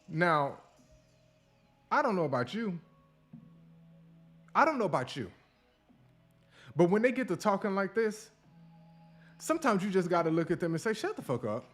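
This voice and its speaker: Blunt, profane male podcast host. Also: fairly high pitch. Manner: blunt, profane, animated rants. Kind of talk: casual opinion commentary.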